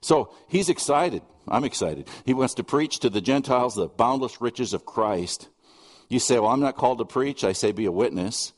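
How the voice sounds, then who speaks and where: A man's voice: mid-range voice, expressive, normal speed, in a large hall. A middle-aged man preaching a sermon, earnest and conversational, mixing scripture with personal stories and asides. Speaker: pastor.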